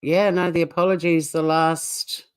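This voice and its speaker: A woman's voice: low-pitched, flat delivery, unhurried, clean tone. An Australian woman co-hosting a casual reaction chat, blunt, swearing and laughing often. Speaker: channel co-host.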